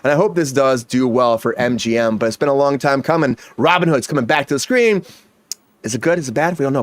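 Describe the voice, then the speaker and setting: A man's voice: mid-range voice, quick pace, no room sound. A man hosting a comedy entertainment news show, talking energetically and hyping up the breaking news. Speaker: host.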